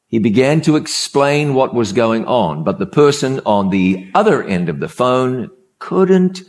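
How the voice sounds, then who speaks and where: A man's voice: mid-range voice, very animated, a little slow, hardly any pauses. A man preaching a sermon, telling a story in an emphatic way and repeating key phrases for effect.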